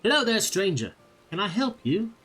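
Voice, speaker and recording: A man's voice: high voice, big pitch swings, normal speed, fairly bright tone, breathy edge, soft background music, pitched above the performer's own voice, exaggerated voice. A man voicing a shy young woman from a remote village with a put-on Southern accent, earnest and polite. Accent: put-on American Southern. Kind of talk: reading game dialogue aloud.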